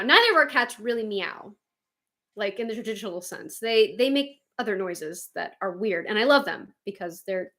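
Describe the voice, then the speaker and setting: Woman, livestream host, casual chat, fairly high pitch, sharp bright tone, animated. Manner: animated, chatty, swears casually, laughs often. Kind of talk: casual chat reading viewer comments.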